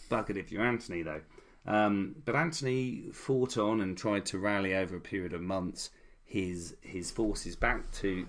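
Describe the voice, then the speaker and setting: A man co-hosting a casual history chat, retelling events with irreverent, jokey asides. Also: lowish voice. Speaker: podcast co-host.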